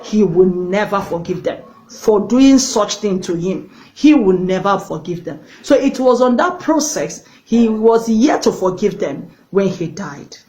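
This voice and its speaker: A woman's voice: mid-range voice, lively intonation, unhurried, few pauses, warm tone, poor audio. An earnest woman evangelist preaches and tells a story, speaking straight to the viewer. She leans on repetition for emphasis and pleads with her listeners. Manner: earnest, directly addresses viewers. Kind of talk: sermon.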